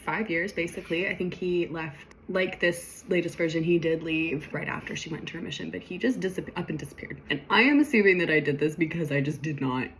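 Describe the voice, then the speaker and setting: A young woman reading back her old story and commenting on it with a chatty, self-mocking tone and frequent laughs. Her voice sits fairly low. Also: a little fast, few pauses, fairly bright tone, a little hiss or hum. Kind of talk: casual commentary on her own writing.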